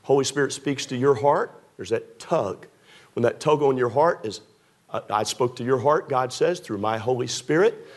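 Man, pastor, sermon in church, lively preaching, voice jumps high then drops soft. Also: normal speed. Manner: animated preaching, voice climbing high on pleas; drops soft and low acting out a scared prayer. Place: church sanctuary with a congregation.

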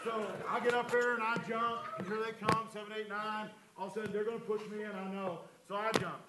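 A man preaching as a youth director, telling a story with animated shouts and earnest appeals. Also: high voice, fast talker, very noisy. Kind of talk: sermon with personal storytelling.

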